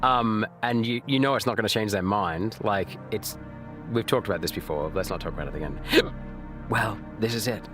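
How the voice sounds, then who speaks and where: A man streams a game live, rambling casually with viewers and reading out and answering their messages, full of fillers and restarts and the occasional swear. His voice is fairly low and a bit bright at normal speed, with soft music in the background.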